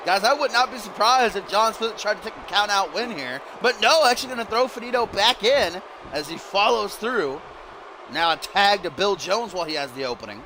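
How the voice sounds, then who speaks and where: A man giving live-stream play-by-play commentary on a wrestling video game, excitable and often rising to shouts on big moves. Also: a little high. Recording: clear background noise.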